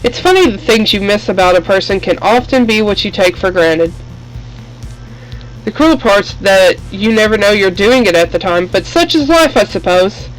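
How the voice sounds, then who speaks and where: A man's voice: sits high, expressive, moderate pace, poor audio. A man reading a kindly elderly widow. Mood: gentle. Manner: plain reading, no old-lady voice.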